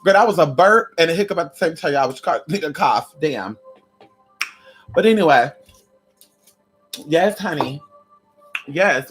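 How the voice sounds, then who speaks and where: A woman hosts a casual livestream teaching conjure, sassy and chatty, constantly calling listeners "honey" and "girl" and breaking into loud laughs and exclamations. Her pitch is very animated, she talks at normal speed, pauses often, and faint music plays in the background.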